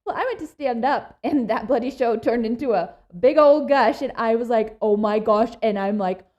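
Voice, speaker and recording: Animated young woman telling a story. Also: a little high, moderate pace, muffled recording. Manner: animated storytelling, laughs often. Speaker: labor and delivery nurse sharing her birth story. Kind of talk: casual chat.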